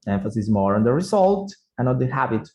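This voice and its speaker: A man teaching an English grammar lesson online, unhurried and checking in with students with frequent "yeah?" tags, in second-language English. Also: mid-range voice, sing-song, mellow, rough recording.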